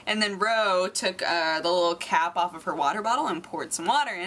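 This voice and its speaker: A young woman telling a casual story on her vlog, animated and acting out quotes in squeaky voices. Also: fairly quick, hardly any pauses, heavy background noise. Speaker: vlogger.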